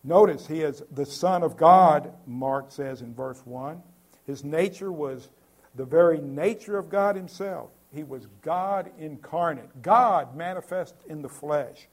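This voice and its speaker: A man's voice: on the high side, measured pace. A man preaching a sermon earnestly, with many filler sounds and repeated words.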